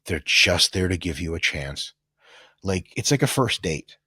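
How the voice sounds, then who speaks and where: A man talking as a guest on a podcast, animated and profane, often acting out the voices of the people he quotes. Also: sits low, measured pace, husky, no room sound, studio quality. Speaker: guest coach and sports scientist. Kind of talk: casual podcast conversation.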